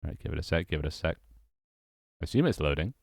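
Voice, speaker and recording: Deep-voiced guy streaming. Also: animated, quick pace, creaky, no echo, clean studio sound. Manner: rambling, repeats phrases, greets chat. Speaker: streamer and game developer. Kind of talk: casual livestream chat.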